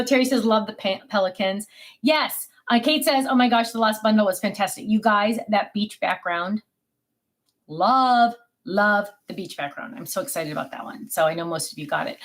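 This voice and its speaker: A middle-aged woman with a slightly high voice chats on a casual live stream. She gushes warmly over cards and reads viewer comments aloud. Her talk is loose and friendly, full of fillers.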